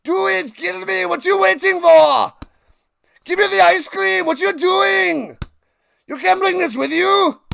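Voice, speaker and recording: Man playing talking ice cream, yelling orders, way up high and booming, gravelly. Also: unhurried, full character voice. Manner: shouting, barking commands. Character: loud aggressive talking ice cream, gruff action-hero style.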